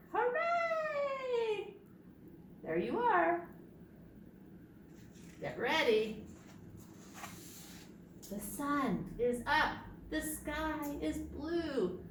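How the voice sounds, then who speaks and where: A woman's voice: high voice, a little hiss or hum. A young adult woman, a children's librarian, leading a preschool storytime in a library, sing-song and calling on the children to join in. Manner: sing-song, leads children in bird sounds and movements. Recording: echoey room, distant mic, faint ambience.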